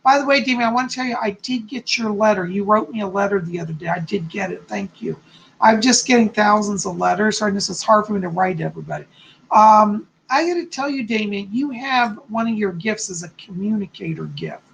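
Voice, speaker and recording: A man hosting a live stream, reading viewers' comments aloud and answering them with gentle, reassuring psychic readings. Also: high voice, big pitch swings, a little fast, gravelly, slight background noise, rough recording. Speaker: psychic host.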